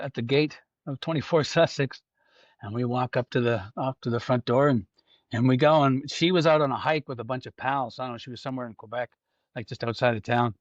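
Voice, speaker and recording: A man's voice: mid-range voice, dry recording, highs cut off. A man from Canada, a musician guest telling a long anecdote in casual chat, acting out the voices of the people in it. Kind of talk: casual storytelling.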